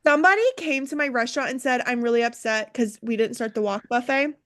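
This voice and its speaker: On the high side and quick-paced, a young restaurant manager's voice animates her stories in a relaxed group conversation, where she plays out both sides of each exchange.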